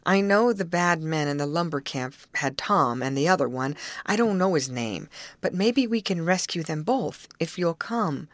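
A woman voicing a timid, simple-minded young man who speaks slowly and hesitantly in plain country grammar. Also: deep voice, lively intonation, no echo. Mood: eager. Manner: slow, hesitant, uneducated grammar.

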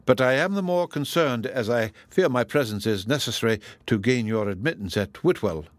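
A man's voice: medium pitch, expressive, moderate pace, dry recording, studio quality, lightly acted. Grave, reserved colonel, as a man plays him. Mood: restrained. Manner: formal and restrained.

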